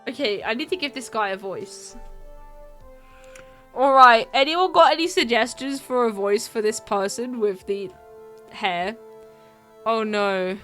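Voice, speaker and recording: A woman's voice: a little high, a little slow, long pauses, bright, forceful tone, faint music behind. A woman streamer chatting playfully as she plays through a game live.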